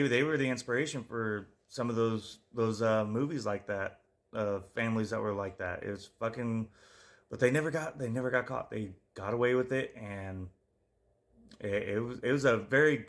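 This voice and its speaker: A man of ordinary pitch co-hosts a casual true-crime podcast. His talk rambles and restarts, heavy with swearing, and he often trails off while hunting for a name. The delivery is loose and conversational. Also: normal speed, a bit bright. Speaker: podcast co-host.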